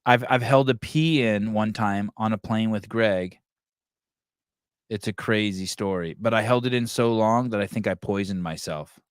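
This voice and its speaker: A man's voice: fairly low pitch, normal speed, clean tone, no echo. Brief: male podcast host, crude jokey banter, dry close mic. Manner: crude, joking, laughs often. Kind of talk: casual podcast chat.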